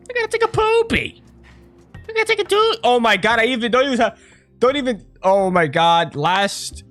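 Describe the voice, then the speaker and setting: A man in his twenties chatting casually while playing a game, rambling and profane, venting with sudden loud outbursts. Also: a little high. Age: 20s. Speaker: gaming streamer. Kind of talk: casual gameplay chat.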